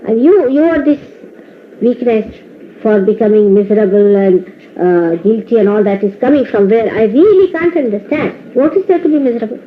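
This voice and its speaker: A woman's voice: fairly high pitch, animated, normal speed, a little hiss or hum. A woman spiritual teacher giving a talk to her followers, scolding them in a playful way and laughing often. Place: indoor ashram hall. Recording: dull lo-fi 1980s tape recording.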